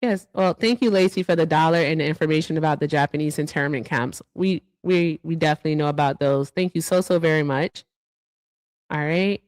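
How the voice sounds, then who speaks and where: A woman's voice: low voice, fairly quick, a little mellow, no echo. A woman co-hosting a livestream show, chatting casually and reading out viewer thank-yous with asides. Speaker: livestream co-host.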